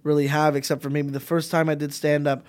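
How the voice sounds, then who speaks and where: A comedian from Montreal chatting as a podcast guest, telling animated, rambling stories with lots of restarts. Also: male voice, a little high, fast talker. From Montreal, Canada. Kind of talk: casual podcast chat.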